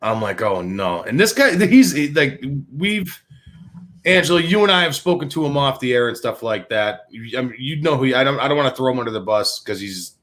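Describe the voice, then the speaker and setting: A man's voice: medium pitch, lively intonation, a little fast, a bit bright. A man hosting a sports talk show, ranting with profanity and many restarts. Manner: fired-up, profane, repetitive restarts. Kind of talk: heated sports radio rant.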